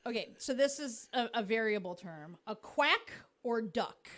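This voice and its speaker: A woman's voice: fairly high pitch, lively intonation, a little slow, a bit bright. A woman co-hosting a casual sports podcast, patiently explaining cricket slang through baseball comparisons. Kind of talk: casual chat. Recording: podcast recording.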